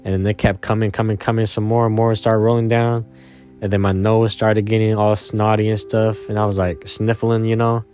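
A young man telling a personal story in a rambling, casual way, repeating himself, swearing and often trailing off quietly. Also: fairly low pitch, level tone, normal speed, soft background music.

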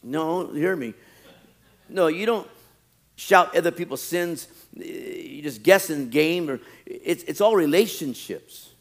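A male pastor preaching a sermon, animated, often acting out quoted churchgoers. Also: on the high side, takes it slowly.

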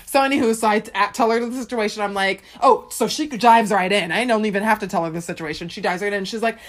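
A woman co-hosting a casual chat, telling a story with lots of animated retelling and laughter. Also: mid-range voice, fast talker. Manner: animated storyteller, acts out phone calls, laughs often. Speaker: podcast co-host.

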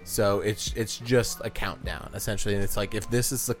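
A man co-hosting a podcast, chatting casually and retelling stories with lively voice impressions. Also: lowish voice, a little fast, faint music behind. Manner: animated storyteller, mimics voices in retellings. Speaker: podcast co-host. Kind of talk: casual chat.

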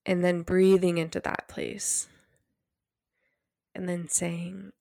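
A woman hosting a solo podcast, talking gently and guiding listeners through a practice, sometimes dropping to a hush. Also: fairly low pitch, flat delivery, vocal fry, no room sound, clean studio sound. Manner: soft, gentle, unhurried guidance; drops to a hushed near-whisper when demonstrating. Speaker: podcast host.

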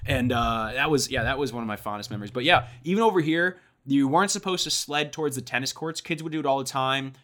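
A man's voice: mid-range voice, quick pace, few pauses, pushed and bright. A young man, co-hosting a podcast, who tells stories casually and animatedly, swearing and acting out voices. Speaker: podcast co-host. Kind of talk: casual chat.

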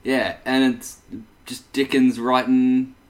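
A man's voice: medium pitch, level tone, slow pace. A man in casual chat as a podcast co-host, rambling and self-deprecating.

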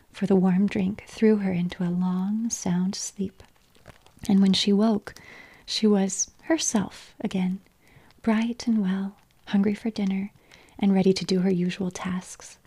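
A woman tells a story in a continuous soft whisper, very breathy and husky. Her tone is dark and mellow, with a gravelly edge at the ends of phrases. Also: mid-range voice. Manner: soft, slow whispered reading.

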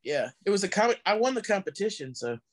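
A male comedian guest telling an animated story in casual chat, swearing freely. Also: high voice, quick pace.

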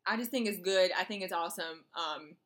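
A woman's voice: lowish voice, fairly quick, a bit bright. A woman hosting a podcast, speaking bluntly and sassily straight to her listeners. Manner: blunt, sassy, talks to listeners directly. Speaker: podcast host. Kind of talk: casual podcast chat.

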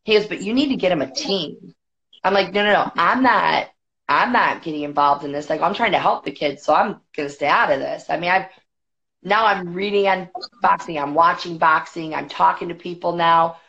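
Chatty woman guest with a lowish voice, quick storytelling full of "like", muffled lo-fi podcast sound. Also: creaky, fairly bright tone. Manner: chatty, quick, many "like" fillers. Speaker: podcast guest, boxing federation executive. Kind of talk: casual storytelling. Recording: dull lo-fi podcast audio.

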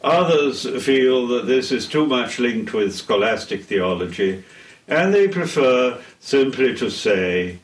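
An older man giving a theology lecture in a deliberate, solemn way, pausing between phrases. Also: mid-range voice, expressive. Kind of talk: slow measured theology lecture. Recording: echoey room, heard from a distance.

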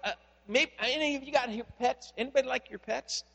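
A male pastor preaching a sermon, telling a story in a conversational, animated way. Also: extremely high pitch, brisk, creaky, big-room sound.

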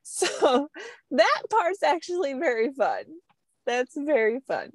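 A woman guest telling stories in a casual interview conversation, lively and quick to laugh. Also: sits high. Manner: lively storyteller, laughs often.

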